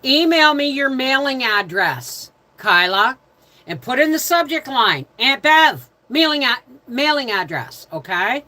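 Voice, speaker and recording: Bright-voiced woman hosting a homestead live stream. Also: sits high, big pitch swings, measured pace, rough recording. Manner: greets viewers by name, rambling storytelling; quiet prayerful tone. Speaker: livestream host. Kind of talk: casual live-stream chat. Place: home.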